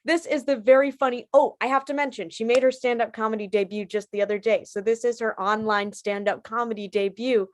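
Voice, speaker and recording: A woman's voice: fairly high pitch, steady tone, fairly quick, hardly any pauses, a little hiss or hum. A woman hosting a comedy show, chatty and friendly as she introduces the next comic. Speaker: show host.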